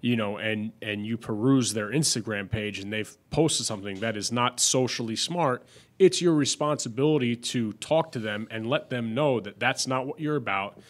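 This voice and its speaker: A man's voice: medium pitch, normal speed. A man co-hosting a casual business podcast, explaining points earnestly and chiming in with short agreements. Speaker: podcast co-host.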